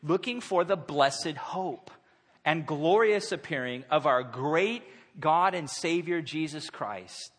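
A man in his thirties preaching a sermon in a church, conversational and animated, acting out quotes. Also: a little high, slow. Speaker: pastor. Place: church sanctuary. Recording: long hall reverb.

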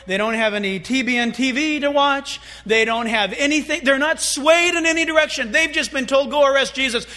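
A male pastor delivering a sermon in church. His voice sits very high for a man and rings bright and forceful. He talks animatedly, slipping into little acted-out voices. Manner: animated, acts out scenes in voices.

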